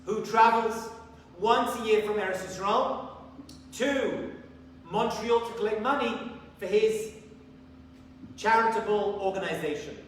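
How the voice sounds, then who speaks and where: A man giving a sermon as a rabbi, telling a story and acting out the dialogue in lively bursts. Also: sits high, a little slow, pauses often, slight background noise. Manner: animated storyteller, acts out dialogue. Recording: echoey hall from far off, faint ambience.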